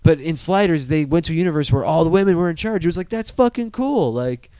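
A man co-hosting a casual chat, animated and joking, swearing freely. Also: on the high side, rapid-fire, clear, resonant tone, no room sound.

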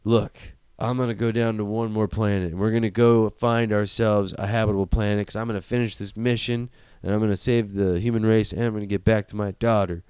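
Brief: drawling Southern movie-star impression, as a man puts it on, determined, smooth and close. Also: fairly low pitch, fairly even intonation, fairly quick, hardly any pauses, darkish tone, no echo, lightly acted. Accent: American Southern, put on.

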